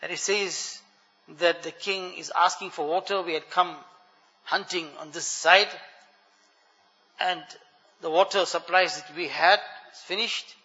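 Bright high-voiced man preaching in a hall. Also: measured pace, pauses often. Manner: animated storyteller addressing the congregation as brothers. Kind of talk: storytelling sermon. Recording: dull lo-fi recording with long hall reverb.

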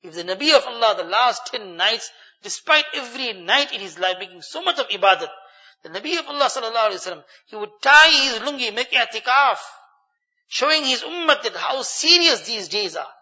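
A man's voice: extremely high pitch, animated, fairly quick, pushed and bright, big-room sound, lo-fi sound. A male Islamic preacher giving an earnest Ramadan sermon, repeating phrases for stress and reciting Arabic verses.

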